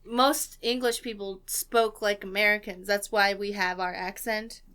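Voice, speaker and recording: Bright-voiced woman chatting over a game. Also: medium pitch, steady tone, a little slow, clean tone. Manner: chatty, tells fun facts with playful put-on quotes. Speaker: let's play co-host. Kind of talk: casual gameplay chat.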